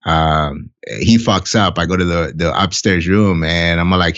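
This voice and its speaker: Deep-voiced man telling a blunt personal story. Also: steady tone, moderate pace, few pauses, fairly bright tone, muffled recording. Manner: blunt, profane, heartfelt storytelling. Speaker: podcast guest. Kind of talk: candid casual conversation.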